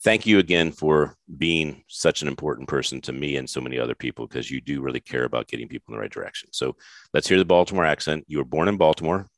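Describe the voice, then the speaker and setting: Very deep-voiced effusive male host. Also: lively intonation, quick pace, no echo, clean studio sound. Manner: effusive, rambling, jokey. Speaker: podcast host. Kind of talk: casual interview chat.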